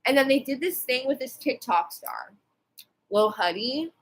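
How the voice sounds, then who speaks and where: A woman's voice: sits high, expressive, unhurried, slight background noise, rough recording. A woman in her twenties telling a rambling storytime rant, swearing freely and full of fillers and restarts. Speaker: vlogger.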